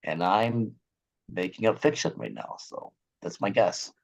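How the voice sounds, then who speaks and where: Animated man ranting as a guest. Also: low voice, unhurried, vocal fry, lo-fi sound. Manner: animated, ranting, acts out quoted voices. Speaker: guest, eye surgeon. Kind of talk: casual interview talk.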